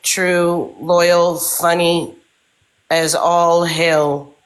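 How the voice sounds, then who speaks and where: A woman hosting a live stream, talking in a slow, affectionate, drawn-out way. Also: on the low side, level tone. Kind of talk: casual chat.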